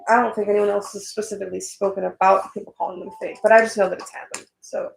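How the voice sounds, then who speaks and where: A woman's voice: medium pitch, level tone, quick pace, gravelly, echoey room, slight background noise, poor audio. A young woman chatting casually while she works on a drawing, rambling and swearing, getting worked up at times. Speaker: artist vlogger.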